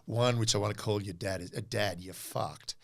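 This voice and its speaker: A man in his forties with an Australian accent tells stories in a relaxed interview, slipping into the voices of the people he quotes. His voice sits low with a gravelly, fry-edged rasp. He talks in a lively way, leaning hard into the punchlines. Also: normal speed. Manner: animated storyteller, acts out quotes. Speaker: podcast co-host, interview guest. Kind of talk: casual interview storytelling.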